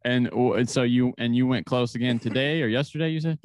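A man at middle pitch chats casually on a podcast, asking curious questions and reacting easily. The sound is dry, with no room echo. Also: brisk. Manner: easygoing, curious, asks questions. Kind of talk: casual chat.

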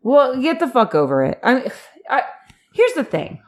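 A woman's voice: high-pitched, big pitch swings, normal speed, a little hiss or hum. A woman co-hosting a casual chat, ranting bluntly with plenty of swearing. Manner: blunt, profane, exasperated ranting. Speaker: podcast co-host.

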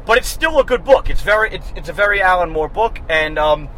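A man in his thirties co-hosting a podcast, chatting with excited, quick banter while riding in a car. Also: high-pitched, slight background noise, poor audio. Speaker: podcast co-host. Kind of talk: casual chat. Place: inside a moving car.

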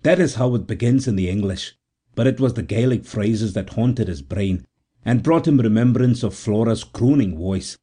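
A man reading a novel aloud as narrator in a measured, unhurried way. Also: lowish voice, dark tone. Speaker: audiobook narrator. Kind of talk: scripted narration.

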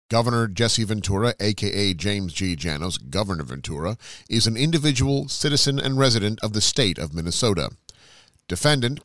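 Brief: low-voiced male podcast co-host reading legal papers aloud, dry close mic. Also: a bit bright, no echo. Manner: reads long legal text steadily, laughing at it. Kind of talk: casual chat and reading documents aloud.

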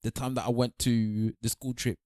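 A young man, telling lively stories with frequent laughter in casual podcast banter. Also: medium pitch, moderate pace, dry recording, studio quality. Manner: animated storyteller, laughs mid-sentence. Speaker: co-host.

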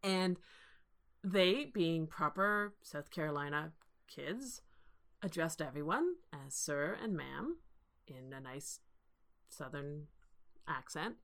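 A woman co-hosting a casual film discussion, talking in an animated way with restarts and laughs. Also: low-pitched, takes it slowly, vocal fry, long pauses. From Canada. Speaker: podcast co-host.

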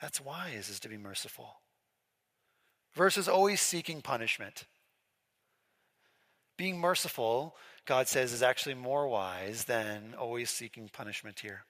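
A man's voice: mid-range voice, animated, unhurried, long pauses, a bit bright. A man preaching a sermon as pastor, in a chatty way, often asking his listeners questions. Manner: conversational, asks the congregation questions. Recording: echoey hall with long reverb.

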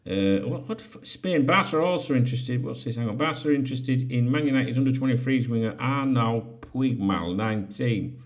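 A man's voice: mid-range voice, brisk. A man hosting a casual solo podcast. He reads out headlines and breaks in with sweary, jokey asides. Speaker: podcast host.

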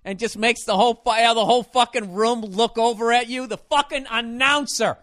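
A man hosting a podcast, telling a crude story in casual chat, cursing freely and now and then bursting into loud mock shouts. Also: very high voice, moderate pace, hardly any pauses, no echo, studio quality. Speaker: podcast host.

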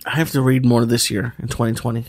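A man's voice: medium pitch, level tone, quick pace, darkish tone, no room sound. A young man with a mid-range voice co-hosts a podcast in casual chat. He speaks hesitantly, often restarting his sentences. The sound is dry and close. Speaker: podcast co-host.

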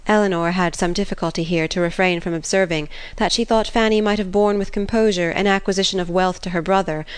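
Low-voiced woman narrating a classic novel. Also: steady tone, fast, few pauses, clean tone, dry recording. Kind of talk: audiobook reading of classic novel.

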